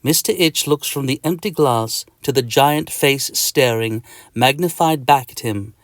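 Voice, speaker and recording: A man narrating a children's audiobook in the second person, telling the story in a lively way. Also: medium pitch, measured pace, dry recording, clean studio sound. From Australia. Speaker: author and narrator.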